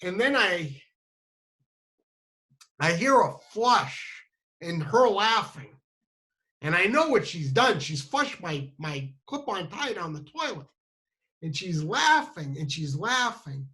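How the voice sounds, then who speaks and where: A man telling a funny personal story, self-mocking and halting, with many restarts and fillers. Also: sits high, sing-song, bright, forceful tone, low-quality recording.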